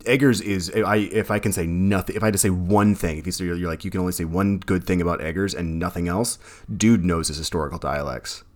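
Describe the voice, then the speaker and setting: Very deep-voiced man rambling on a podcast. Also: fairly quick. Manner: rambling, many fillers and restarts. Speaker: podcast co-host. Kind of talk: casual film discussion.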